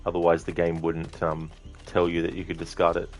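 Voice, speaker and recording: A man's voice: low-pitched, completely flat delivery, a little fast, faint music behind. A young man streaming a game, chatting casually with viewers in a rambling way, with lots of ums. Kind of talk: casual live-stream gameplay chat.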